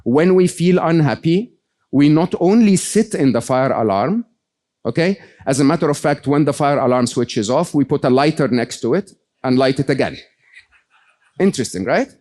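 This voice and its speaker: A man giving a motivational stage talk to a live audience, animated and often checking in with "okay?" and "right?". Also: on the high side, moderate pace. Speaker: guest speaker.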